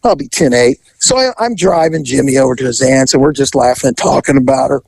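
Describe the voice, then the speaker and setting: A man's voice: medium pitch, quick pace, vocal fry, no room sound, rough recording. A man hosting a podcast, telling a comic police story with laughter and voice impressions. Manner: animated, laughing, mimics voices.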